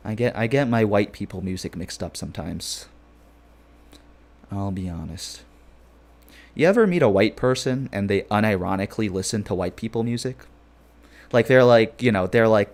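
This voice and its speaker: A man's voice: fairly low pitch, lively intonation, moderate pace, long pauses. A young man streaming a game, chatting casually, joking and rambling as he reads chat messages aloud.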